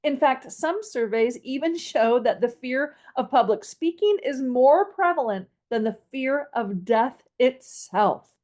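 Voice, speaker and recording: Woman, voice coach, podcast host, fairly high voice, lively melody, playful teaching manner. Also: measured pace. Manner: demonstrates vocal melody, playful with laughs. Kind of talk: instructional podcast.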